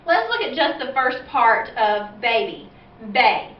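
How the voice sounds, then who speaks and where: Female second-grade teacher, high voice, careful explainer; echoey room with light hiss. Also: very animated. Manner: slow, clear explaining with spelled-out letters. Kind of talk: instructional video for parents. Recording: roomy, distant, dull lo-fi sound with faint hiss.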